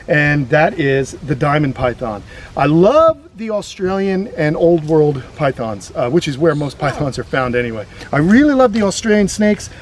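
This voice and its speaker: A man's voice: a little high, darkish tone, slight background noise. A man hosting a casual educational vlog outdoors on a grassy lawn, explaining reptiles with chatty enthusiasm. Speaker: reptile sanctuary host.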